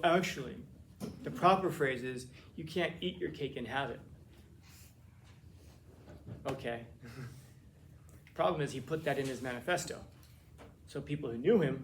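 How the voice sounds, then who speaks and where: A man's voice: fairly high pitch, slight background noise. A man giving a casual, conversational classroom lecture, with joking asides and frequent restarts. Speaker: teacher.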